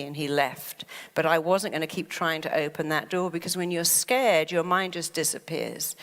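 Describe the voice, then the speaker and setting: A woman, a therapist, giving a lively motivational talk and acting out panicky inner voices. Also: fairly low pitch, big-room sound.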